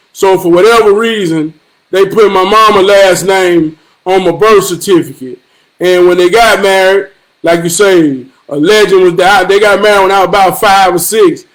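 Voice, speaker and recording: A man telling a family story in a profane, animated storytelling vlog, swearing freely. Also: high-pitched, poor audio. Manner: animated, swearing freely, repeating himself for emphasis. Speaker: vlogger.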